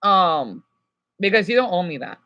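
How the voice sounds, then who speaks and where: A woman's voice: on the low side, very animated, normal speed, sharp tone, lo-fi sound. A woman livestreaming, chatting loosely with her viewers and answering their messages, with lots of "you know" and restarts. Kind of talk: casual live chat.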